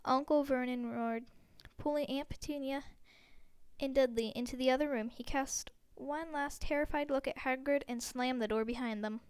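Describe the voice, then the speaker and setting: A woman narrating an audiobook with steady, expressive storytelling. Her voice sits a bit high and is smooth and clear, recorded close and dry with no room sound. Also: moderate pace, dry recording. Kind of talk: scripted narration.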